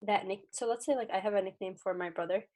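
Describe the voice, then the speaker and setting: A woman's voice: mid-range voice, fast. A woman in the audience asking a question hesitantly, with many fillers. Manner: hesitant, lots of "like".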